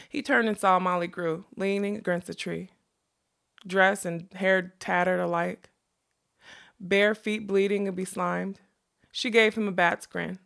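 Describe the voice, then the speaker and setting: A woman narrating a fantasy novel as an audiobook, in a measured, expressive storytelling manner. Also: medium pitch, vocal fry.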